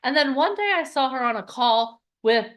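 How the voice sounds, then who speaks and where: Woman host, high voice, swooping pitch, excitable, talks to live viewers. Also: moderate pace. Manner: excitable, talks straight to viewers and asks them to type in the comments. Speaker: host of a live online coaching event. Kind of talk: animated storytelling pitch to a live audience.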